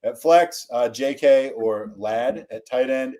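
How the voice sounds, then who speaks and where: A man's voice: mid-range voice, takes it slowly, warm tone. Dry-humored man reading listener questions. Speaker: fantasy football co-host. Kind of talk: casual podcast chat.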